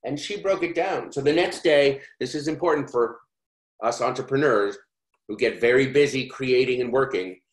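A man's voice: medium pitch, moderate pace. A man giving a course talk, telling a personal story in a candid, conversational way full of fillers. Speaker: course speaker. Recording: roomy echo.

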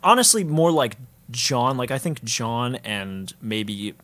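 A man co-hosting a casual film podcast, animated, with lots of "like" and "yeah", sometimes swearing. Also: mid-range voice, slow. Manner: animated, swearing, quotes others in character; says "like" and "yeah" a lot. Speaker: podcast co-host.

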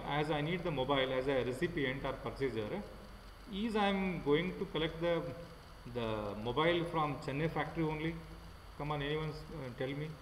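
Man, Indian English accent, online class lecture, halting with lots of fillers, fairly high voice, echoey room with long reverb. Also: a little mellow, slight background noise. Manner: repetitive, halting, many fillers. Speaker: teacher. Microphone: computer mic without headphone.

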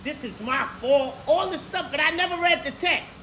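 A hairstylist in her fifties telling a story in a salon, animated and profane, acting out what people said. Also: high-pitched, normal speed, a little hiss or hum. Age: 50s. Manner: animated, profane, acts out quotes. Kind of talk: casual storytelling. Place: hair salon, indoors. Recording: echoey room, picked up from a distance.

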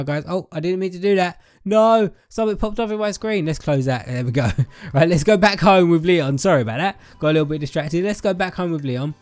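A man's voice: a little high, a little mellow. A young man giving casual, playful commentary over a life-simulation game, chatting to viewers and talking to the characters on screen. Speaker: gaming YouTuber. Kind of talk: casual let's-play commentary.

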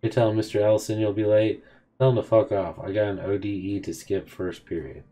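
This is a gaming video host, a man with a lowish, dark voice who talks a little fast in a steady tone. He runs through a chat of text messages between characters, reading both sides in a casual, offhand manner.

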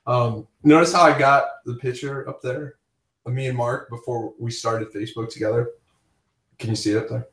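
A man's voice: medium pitch, fairly even intonation, moderate pace, a bit bright. A man hosting a casual chat, telling rambling stories with frequent laughs. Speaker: podcast host. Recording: roomy, distant from the mic.

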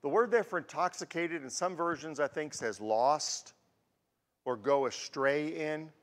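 Sixties male guest preacher, slightly high voice, anecdotal conversational sermon, long church reverb. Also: measured pace. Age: 60s. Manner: warm storytelling with personal anecdotes. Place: church sanctuary.

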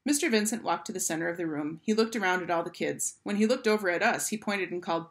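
A woman's voice: lowish voice, fast. Woman teacher reading a children's book. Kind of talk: children's book read-aloud.

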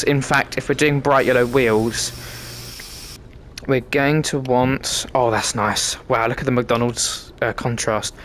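A man's voice: medium pitch, fairly bright tone, slight background noise. A British man giving cheeky, sweary commentary while playing a VR game. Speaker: gamer content creator. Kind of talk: casual gameplay commentary.

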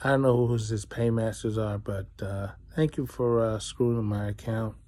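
A man's voice: on the low side, steady tone, normal speed, dark tone. A man vlogging an indignant, rambling, sarcastic rant straight to the viewer. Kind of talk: ranting to camera.

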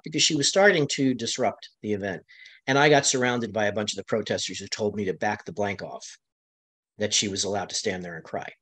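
An American man on a webinar panel, retelling events conversationally, his voice climbing high when he quotes others, with frequent restarts. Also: fairly quick, fairly bright tone, husky. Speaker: panel guest, county LGBTQ commissioner.

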